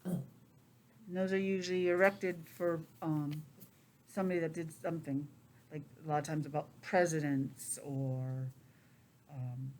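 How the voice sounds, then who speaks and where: A middle-aged woman teacher in a classroom, reading aloud to young children with lively, chatty asides. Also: sits low, a little slow, long pauses. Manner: chatty, expressive, drifts into personal asides. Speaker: preschool teacher.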